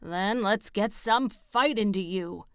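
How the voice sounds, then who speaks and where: A woman's voice: medium pitch, slow pace, fairly bright tone, clear, resonant tone, dry recording, clean studio sound. Woman doing a cocky bossy macho trainer. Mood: coaching. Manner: barking, taunting commands.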